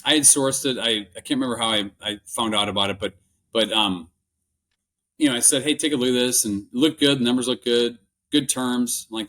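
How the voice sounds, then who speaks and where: A man's voice: medium pitch, fairly quick, bright, forceful tone. A man with a Minnesota accent, a podcast guest telling candid stories in an earnest, rambling way with many restarts. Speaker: podcast guest, business buyer. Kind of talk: candid interview storytelling.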